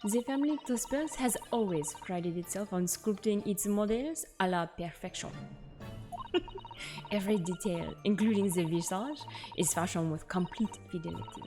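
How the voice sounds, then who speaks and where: A woman doing a proud French waxwork artisan in a put-on French accent, sly and theatrical, savouring each word as she slips in bits of French. Game music plays softly under her voice. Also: mid-range voice, normal speed, natural voice. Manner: sly, dramatic, drops French words. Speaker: game character voiced by streamer.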